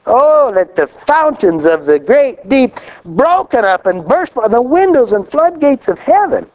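Male preacher, very high voice, lively folksy sermon, dull lo-fi recording. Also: measured pace. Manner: animated, folksy preaching with laughs and rising exclamations.

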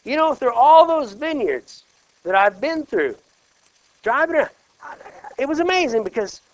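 A man's voice: very high-pitched, moderate pace, no echo, lo-fi sound. A man from Kansas preaching a sermon, often checking in with his listeners through rhetorical questions. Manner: animated, peppered with rhetorical check-ins.

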